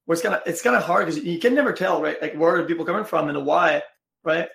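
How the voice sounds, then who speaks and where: A man from Quebec with a French accent talks in a loose, rambling way, stopping and restarting as he swears. His voice sits high and has a gravelly fry. The sound carries an echoey room around it. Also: a bit bright. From Quebec, Canada. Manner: rambling, halting, swears casually. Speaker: streamer. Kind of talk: casual chat.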